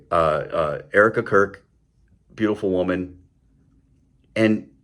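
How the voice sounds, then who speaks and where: A man's voice: fairly low pitch, slightly rough. A man hosting his own show, delivering an impassioned political commentary monologue, heated and stumbling over repeated words, with mocking sarcastic asides. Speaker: show host.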